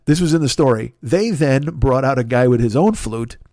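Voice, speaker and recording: A man's voice: medium pitch, expressive, moderate pace, a little mellow, no room sound, studio quality. A man on a comedy podcast, riffing in a rambling, profane monologue, laughing at his own jokes and acting out voices.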